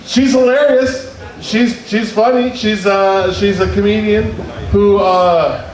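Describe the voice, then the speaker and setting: A man's voice: sits high, fairly even intonation, slow pace, darkish tone. A man hosting a live comedy show, rambling and self-deprecating as he introduces the next act. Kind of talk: casual stage banter. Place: comedy club stage. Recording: echoey live club, distant mic, crowd.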